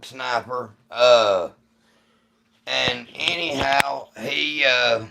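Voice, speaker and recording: A man's voice: medium pitch, extremely slow, vocal fry, background noise. A man hosting a livestream, telling a long story to his chat in a rambling, profane way. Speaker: livestream host. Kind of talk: casual storytelling to live chat.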